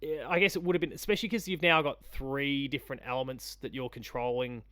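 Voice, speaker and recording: A man's voice: medium pitch, fairly even intonation, fast talker, fairly bright tone, no room sound, studio quality. A man co-hosting a casual game review chat, speaking in a chatty, joking way. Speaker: podcast co-host.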